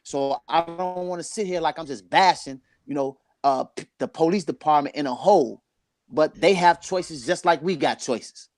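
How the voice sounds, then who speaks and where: A man's voice: fairly high pitch, moderate pace, no room sound, clean studio sound. A man in his forties talking candidly and earnestly about his life, getting emotional and repeating phrases for emphasis. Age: 40s. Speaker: guest sharing his life story. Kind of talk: candid conversation.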